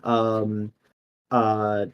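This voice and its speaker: A man's voice: lowish voice, monotone, very slow, clear, resonant tone, muffled recording. A man narrating as game master in a casual way, with many fillers.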